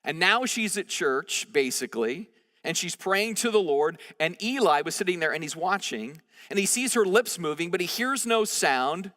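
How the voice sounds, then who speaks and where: A male pastor with a high, bright voice preaches a sermon in a large church room where a long reverb trails his words. His delivery is conversational and animated, and he slips into the voices of the people in the story. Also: normal speed.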